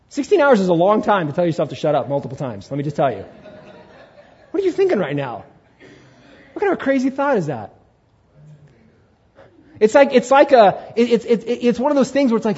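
A man preaching a Sunday sermon as pastor, animated, acting out inner voices and asking the congregation questions. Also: high voice, normal speed, pauses often, slightly rough, lo-fi sound. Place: church sanctuary.

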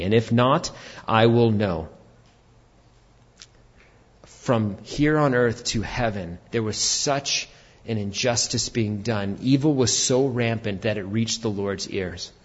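A pastor preaching an animated sermon, rising to shouts for emphasis. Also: male voice, mid-range voice, muffled recording.

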